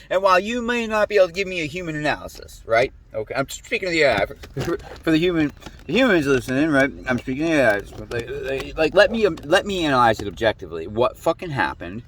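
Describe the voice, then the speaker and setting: A man's voice: fairly high pitch, big pitch swings, fast talker, a bit bright, a little hiss or hum. A man delivering a rambling, profane monologue straight to the camera, agitated and full of restarts. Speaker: vlogger. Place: lives in a humid climate.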